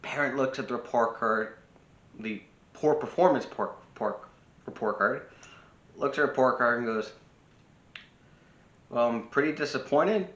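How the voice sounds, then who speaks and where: Bright-voiced man giving parenting advice. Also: medium pitch, moderate pace, echoey room, dull audio. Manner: speaks freely with restarts, acts out brief quoted lines. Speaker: personal growth speaker. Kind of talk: casual spoken advice talk.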